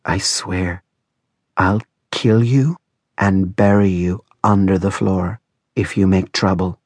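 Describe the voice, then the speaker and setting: A man's voice: low-pitched, steady tone, slow pace, darkish tone, dry recording. A man voicing a harsh, bitter female servant who mutters and hisses threats. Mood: menacing.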